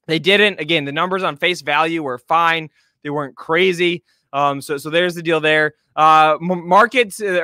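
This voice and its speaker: A man hosts casual live market talk, chatty and joking, stumbling over his words with lots of fillers. His voice is high, bright and forceful, heard dry and close. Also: no room sound. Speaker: show host, stock commentator.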